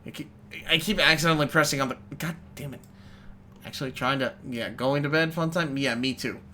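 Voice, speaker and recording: A man's voice: fairly high pitch, fairly quick, pushed and bright, slight background noise. A man streaming live, chatting casually and rambling to his viewers while he plays. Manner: rambling, chatty, talks to chat while playing. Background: game music.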